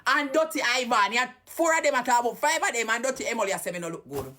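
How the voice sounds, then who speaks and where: A woman's voice: fairly high pitch, lively intonation, fast, bright, forceful tone. A Jamaican woman ranting heatedly and cursing on a live stream.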